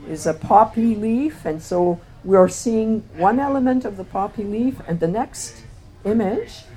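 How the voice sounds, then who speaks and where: A woman presenting her photographs to an audience, speaking reflectively and often pausing on fillers and restarts. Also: mid-range voice, a little mellow. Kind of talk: slide talk to an audience.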